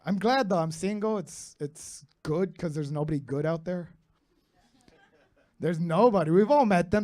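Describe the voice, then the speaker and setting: A brash man in his thirties working a stand-up comedy set, his voice sitting high for a man. He talks with a loose, profane swagger and throws lines straight at the crowd. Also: darkish tone. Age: 30s. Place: comedy club stage with live audience.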